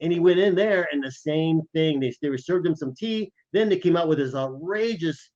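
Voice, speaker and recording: A man's voice: on the high side, normal speed, darkish tone. A man co-hosting a podcast, telling a travel scam story in a casual, conversational way and acting out the dialogue. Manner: conversational, acts out quoted dialogue. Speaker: podcast co-host, former spy. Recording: dull lo-fi audio.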